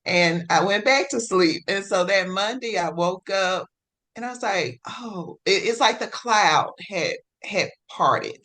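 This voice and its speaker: A woman telling her own story as a podcast guest, swinging between hushed and excited and acting out her own past words. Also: mid-range voice, a little slow. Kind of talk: personal storytelling in a podcast interview.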